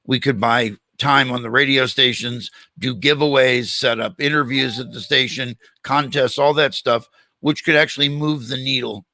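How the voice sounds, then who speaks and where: Older male host and animated storyteller, bright tone, dry studio sound. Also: mid-range voice, normal speed, dry recording. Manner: animated storyteller, acts out quoted dialogue. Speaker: podcast host. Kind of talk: storytelling in a casual interview.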